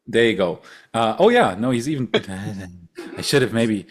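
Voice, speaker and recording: Brief: male livestream host, German accent, mid-pitched voice, upbeat, speed-talks through thanks and repeats himself. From Germany, Rhineland. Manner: excited, talks fast with frequent repeated words. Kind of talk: casual livestream chat.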